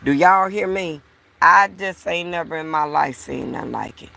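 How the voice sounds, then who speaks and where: A woman's voice: deep voice, normal speed, creaky, pushed and bright. A woman vlogger talking to her viewers in a casual, frustrated, repetitive way. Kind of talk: casual talk to camera.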